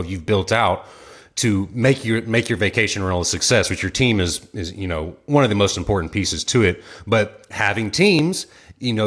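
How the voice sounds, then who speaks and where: A man hosting an interview show in a fairly low voice. He talks in long, winding sentences and keeps reaching for "you know" as he works toward his question. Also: a bit bright. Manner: rambling, searching phrasing with "you know" fillers. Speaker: host. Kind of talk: casual chat.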